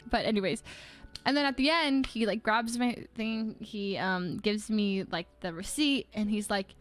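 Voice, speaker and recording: A young woman livestreamer in her twenties telling a story in casual, rambling chat, full of "like" and quick laughs. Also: a little high, fairly bright tone.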